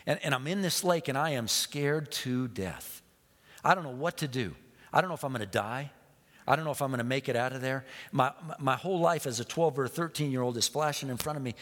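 Male pastor, mid-pitched, storytelling sermon with repetition, long hall reverb. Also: expressive, a little fast, a bit bright. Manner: storytelling, repeats phrases, drops to a whisper.

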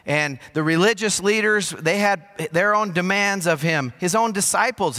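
Bright-voiced pastor preaching in a reverberant hall. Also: male voice, high voice, normal speed, few pauses. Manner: storytelling with self-deprecating humor. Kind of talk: sermon. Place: church sanctuary.

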